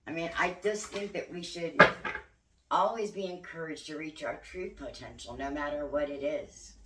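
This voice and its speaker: An older woman, a grandmother, speaks earnestly and candidly in a reflective spiritual vlog, occasionally swearing. Her voice sits low at a moderate pace, and she's far from the mic in a roomy space with heavy background noise.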